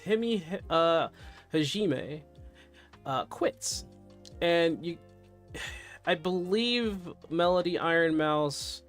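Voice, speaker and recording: Guy streaming from home, just chatting, kinda low-key and candid, desk mic, some quiet music behind him. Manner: candid, subdued, reacting to news and chat. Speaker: live streamer. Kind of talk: casual live-stream chat.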